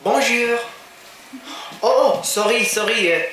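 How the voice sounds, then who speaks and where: A man's voice: very high voice, a little slow, pushed and bright, very echoey, exaggerated voice, poor audio. A man voicing a flustered, polite French man with a French accent.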